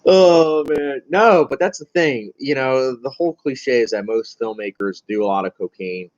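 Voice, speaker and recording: In a casual livestream, a young man fields viewer questions at a moderate pace in a medium-pitched voice, captured on dull audio. He rambles and chats with lots of fillers, laughs often, and has a nervous manner he himself calls anxious.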